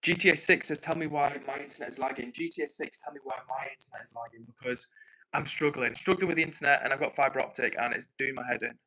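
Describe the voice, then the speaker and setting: Give me a bright, crisp male voice, a streamer chatting loosely with his viewers and apologising for lagging behind. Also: a little high, quick pace, low-quality recording. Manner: chatty, rambling, apologetic, thinks out loud. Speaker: livestream host. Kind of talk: casual live-stream chat, reading out viewer comments. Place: home in the north of England.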